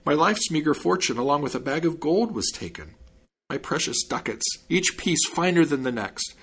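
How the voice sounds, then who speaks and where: A man voicing a whining old male peddler in a high, pleading voice. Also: lively intonation, normal speed, fairly bright tone, breathy edge, full character voice. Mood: wailing.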